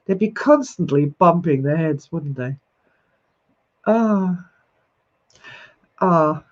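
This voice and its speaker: A woman's voice: low-pitched, takes it slowly. Enthusiastic woman hosting a livestream. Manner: enthusiastic, expressive, laughs often. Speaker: host. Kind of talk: livestream talk greeting viewers. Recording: slightly dull lo-fi recording.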